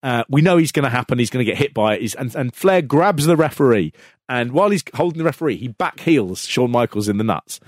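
Animated man telling a story. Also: mid-range voice, quick pace, dry recording, studio quality. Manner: animated, laughing, restarts often when excited. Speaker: podcast co-host. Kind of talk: casual storytelling chat.

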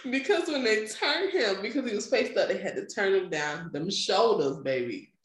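A woman's voice: medium pitch, moderate pace, few pauses. A young woman chatting casually, telling a story with lots of laughter and acted-out voices. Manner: animated storytelling, laughing often, acting out quoted voices. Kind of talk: casual chat. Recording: echoey room.

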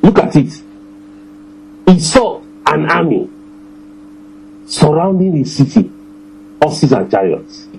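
A man preaching a sermon to his congregation, emphatic, repeating phrases and slowing down to stress scripture. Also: fairly high pitch, sing-song, creaky, a little mellow, slight background noise, low-quality recording.

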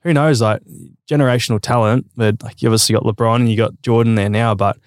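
Young Aussie man as a podcast guest, laid-back and rambling, quick pace, dry close mic. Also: mid-range voice, smooth, no room sound. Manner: relaxed and rambling, lots of fillers. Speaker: guest athlete. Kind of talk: casual chat.

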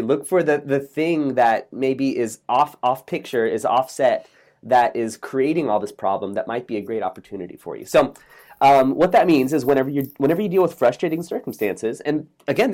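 Brief: middle-aged male guest, upbeat, tells stories with playful voices. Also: medium pitch. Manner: energetic, optimistic, acts out voices in a joke. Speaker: podcast guest, author. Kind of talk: casual interview storytelling.

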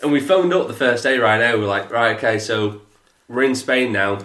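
A man, telling a story in a casual podcast chat, animated and swearing, mimicking others in a flat lowered voice. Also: normal speed. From England. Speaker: podcast co-host. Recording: echoey room.

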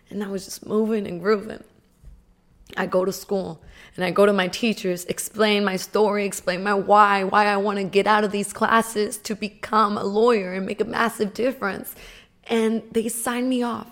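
A woman's voice: medium pitch, moderate pace. Emphatic woman telling her story. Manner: emphatic and animated, with frequent "like". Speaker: motivational speaker. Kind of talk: personal storytelling.

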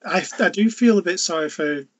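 A man hosting a podcast, asking gentle, hesitant questions. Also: high-pitched, fairly quick, dull audio. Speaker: podcast host. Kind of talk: interview questions.

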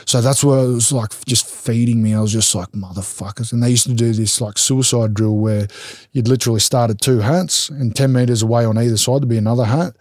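A man's voice: mid-range voice, steady tone, fairly quick, a little mellow, no room sound, clean studio sound. A young Australian man, a rugby league player, telling stories bluntly in a casual interview, swearing freely and acting out what others said.

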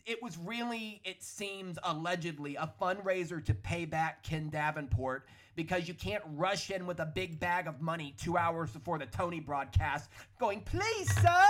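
A man hosting a solo podcast, ranting in an animated, opinionated way with a hoarse, worn-out voice. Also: fairly high pitch. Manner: animated, opinionated, hedging with "allegedly". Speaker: podcast host. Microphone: studio podcast microphone.

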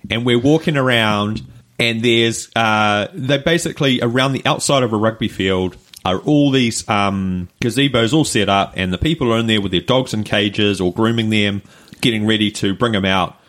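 A man's voice: fairly low pitch, moderate pace, fairly bright tone. Chatty New Zealand man telling stories. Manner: rambling anecdotes with fillers and laughs. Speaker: podcast co-host. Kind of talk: casual chat, storytelling.

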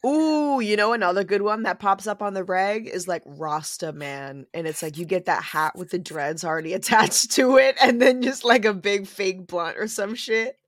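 A woman co-hosting a podcast over a video call, animated and swearing freely. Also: medium pitch, no echo, clean studio sound. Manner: animated, swearing, quick reactions. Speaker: podcast co-host. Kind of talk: casual chat.

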